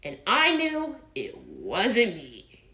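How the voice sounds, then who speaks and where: A woman's voice: medium pitch, wildly swooping pitch, very slow, sharp tone, exaggerated voice. A woman voicing a fussy, self-important rabbit who talks in a prim, sternly polite way.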